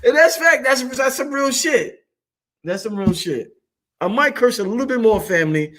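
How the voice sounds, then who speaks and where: A man hosting his own channel, talking casually to his viewers in a freewheeling, emphatic and profane way. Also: high-pitched. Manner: animated, shouts curse words for emphasis. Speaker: channel host. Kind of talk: casual monologue to camera.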